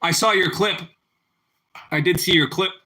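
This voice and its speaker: Relaxed male stream host, bright clear tone, cooking at home, easy chatty talk. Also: sits high, moderate pace. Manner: relaxed, answers viewer chat, often repeats his phrases. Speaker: livestream host. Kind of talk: casual chat while cooking. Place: home kitchen.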